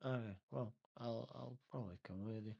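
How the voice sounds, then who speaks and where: A man's voice: mid-range voice, moderate pace, gravelly, husky, lo-fi sound. A man playing a tabletop game, chatty and jokey. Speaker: player. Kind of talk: casual tabletop play.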